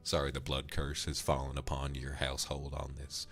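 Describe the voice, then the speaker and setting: A man voicing a flirtatious, smooth-talking cowboy with a put-on Texan accent, calling everyone darling. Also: extremely low pitch, completely flat delivery, normal speed, a bit bright, soft background music. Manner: drawling, sweet-talking, calls everyone darling. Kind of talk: character voice on a livestream.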